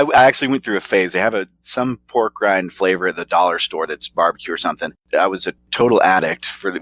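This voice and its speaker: A man's voice: low voice, a bit bright. A man co-hosting a casual snack-review podcast, talking in a laid-back, rambling way and chuckling often. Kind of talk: casual chat.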